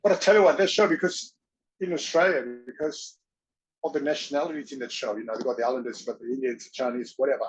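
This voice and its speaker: A man interviewed as a guest, telling stories in a rambling, excitable way, acting out quotes and swearing now and then. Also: medium pitch, low-quality recording. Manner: excitable rambling storyteller, acts out quotes, swears, halting grammar. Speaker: interview guest, former wrestler and actor. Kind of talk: casual storytelling.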